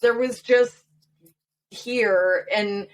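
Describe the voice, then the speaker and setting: A woman's voice: medium pitch, fairly even intonation, extremely slow. A woman who is a regular podcast guest, chatting in a bantering way and laughing easily. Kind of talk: casual chat.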